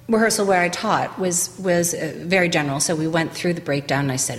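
A woman's voice: fairly low pitch, brisk, few pauses, long reverb tail. A woman dialect coach explaining how she teaches an accent to actors, demonstrating the vowel sounds as she goes.

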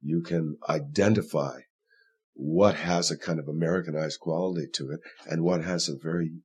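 A man, an actor, talking through his work in a relaxed interview, thoughtful and rambling with many fillers. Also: very deep voice, normal speed, husky. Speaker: actor in the play. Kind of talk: conversational interview.

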